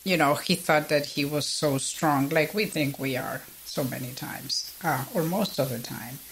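A woman's voice: low-pitched, unhurried, slight background noise, low-quality recording. A non-native English-speaking woman on a Bible discussion podcast, reflective and personal, often checking in with listeners. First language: not English. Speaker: panelist.

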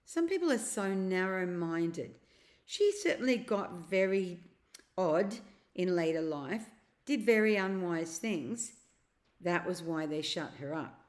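A woman reading a storybook aloud and voicing a scheming elderly uncle who speaks in a slow, coaxing, secretive way. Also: on the low side, expressive. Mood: sly.

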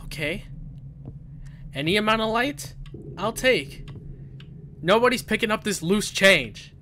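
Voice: medium pitch, animated, a little slow, pushed and bright, slight background noise. A young adult gaming video creator giving nervous, jittery let's-play commentary on a horror game, often stammering and repeating words.

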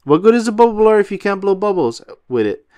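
A high, bouncy cartoon sea sponge, as a male storyteller puts him on, bursting with eager cheer. He leaps up and down in pitch with lively energy, and the read-aloud sounds close and dry. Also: moderate pace, dry recording. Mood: excited.

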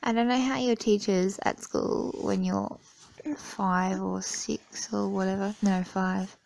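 A woman's voice: medium pitch, fairly even intonation, a little slow, gravelly, a little mellow. A woman filming her baby on a phone at home, coaxing it with playful, sing-song baby talk.

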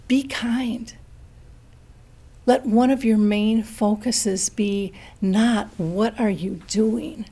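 A middle-aged woman speaking earnestly about dementia care and telling a family story with lively quoted voices. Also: medium pitch, husky. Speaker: dementia educator and host. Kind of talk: conversational storytelling.

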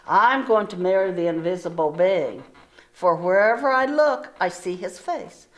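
A woman reading a storybook aloud and voicing a gentle, hopeful young girl who asks politely. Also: fairly low pitch, expressive, a little slow.

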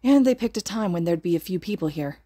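A woman's voice: on the low side, expressive, fast talker, warm tone, no room sound, studio quality. A woman voicing an earnest, analytical teenage boy in a podfic reading.

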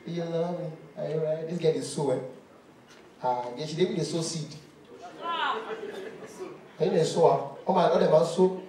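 A male stand-up comedian with a Nigerian accent, mixing pidgin and Yoruba on an awards stage, animated and chanting at times. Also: on the high side, moderate pace, long pauses. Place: large indoor awards stage. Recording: echoey hall from far off.

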